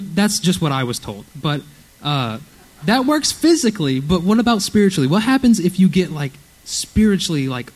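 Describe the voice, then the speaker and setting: An earnest young man delivers a youth sermon in a church. His voice sits a little high for a man, and he talks in a casual, conversational way, checking in with his listeners as he goes. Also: low-quality recording. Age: young adult. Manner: earnest, conversational, frequent "okay?" check-ins. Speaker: youth preacher.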